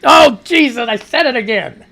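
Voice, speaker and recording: A man's voice: extremely high pitch, animated, moderate pace, vocal fry, pushed and bright. A middle-aged American man hosting a live radio news show, rambling and profane, talking back to himself as he reads the news. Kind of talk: casual live-stream news commentary.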